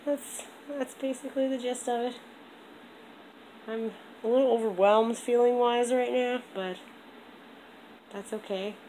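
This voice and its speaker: A young woman chatting on a home vlog, rambling and animated, with a congested throat. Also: on the high side, unhurried, long pauses, slight background noise, rough recording. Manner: rambling, animated storytelling with lots of "like". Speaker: vlogger. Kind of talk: casual vlog chat.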